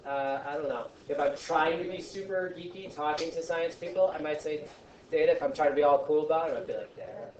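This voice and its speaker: Man, science teacher, chatty and joking, fairly high voice, roomy classroom heard from a distance. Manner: chatty, joking, animated asides. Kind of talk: classroom lesson. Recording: echoey classroom from far off.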